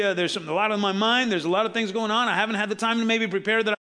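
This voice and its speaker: A man preaching with a high, ringing voice that stays near the top of the male range. He talks to the congregation in a casual, joking way and slips into little voices for the people in his Bible stories. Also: fast, hardly any pauses. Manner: conversational and animated, acting out Bible characters with casual asides. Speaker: pastor. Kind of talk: sermon.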